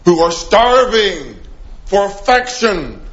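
A middle-aged male preacher delivers a sermon, animated and vivid, acting out little quoted voices, then sinking to a hushed tone to drive a point home. His voice sits on the higher side for a man. The recording is dull and lo-fi. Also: slow pace. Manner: animated, acts out quoted voices, drops to soft emphasis.

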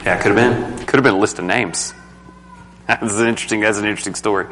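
Guy leading a bible study, bright forceful voice, echoey room with long reverb, casual and emphatic. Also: on the low side, fairly even intonation, quick pace. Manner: casual, emphatic, asks the group questions.

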